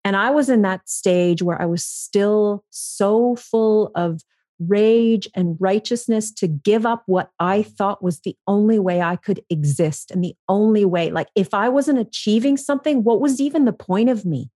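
A woman's voice: mid-range voice, a little slow, dry recording, studio quality. A woman guest telling her story frankly in an interview, swearing freely and acting out her own past thoughts. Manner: frank, profane, animated when quoting herself. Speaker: podcast guest.

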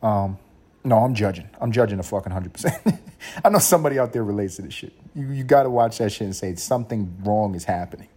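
Profane rambling podcast host, dark low voice. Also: male voice, lively intonation, fast talker. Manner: profane, rambling, laughs at own points; mock voices for quoted people. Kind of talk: solo podcast rant.

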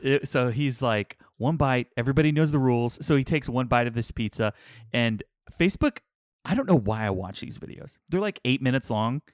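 A man's voice: mid-range voice, normal speed, dry recording, studio quality. A man co-hosting a podcast, rambling through stories in casual chat. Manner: rambling, animated storyteller. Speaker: podcast co-host.

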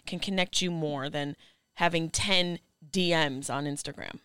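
Smooth-voiced woman, earnest guest. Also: deep voice, a little slow, a bit bright, no echo, studio quality. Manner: earnest, reflective, emphatic. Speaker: podcast guest. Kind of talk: casual chat.

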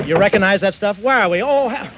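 An actor playing a wisecracking young man posing as a groom in a 1940s radio comedy, trading fast quips. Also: sits high, lightly acted. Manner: quick quips, fast comic banter. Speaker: comic lead in a radio comedy. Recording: old radio broadcast, dull with hiss.

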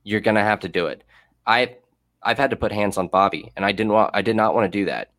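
Blunt, profane man with a low voice. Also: fast, fairly bright tone, no echo, clean studio sound. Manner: profane, blunt, heated storytelling. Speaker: former prison guard, podcast guest. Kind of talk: casual podcast chat.

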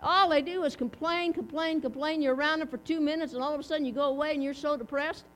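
A woman's voice: high voice, steady tone, quick pace. A middle-aged woman giving a chatty, folksy sermon, asking her listeners questions. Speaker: preacher. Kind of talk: casual sermon. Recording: mains hum underneath.

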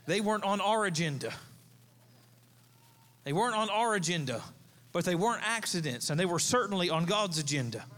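A man's voice: high voice, expressive, brisk, long pauses, fairly bright tone, in a large hall. A man in his thirties, a pastor, preaching a sermon in a conversational, storytelling way, with asides to the congregation. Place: church sanctuary.

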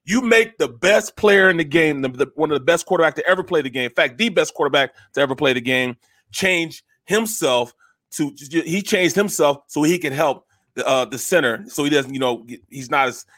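A man's voice: on the high side, normal speed, fairly bright tone, no echo, clean studio sound. A man co-hosting sports talk radio, emphatic and repetitive, often tagging lines with "man.". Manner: emphatic, repeats phrases, says "man" often.

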